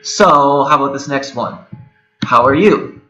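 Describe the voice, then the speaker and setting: A young man in his twenties talks through a recorded lecture in a loose, conversational way, dropping fillers and fixing his own slips as he goes. His voice comes across bright and forward. The room behind him is echoey, with a steady whir. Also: medium pitch, measured pace, muffled recording, soft background music. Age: 20s. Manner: conversational, with frequent fillers and self-corrections. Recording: echoey room with a whirring hum.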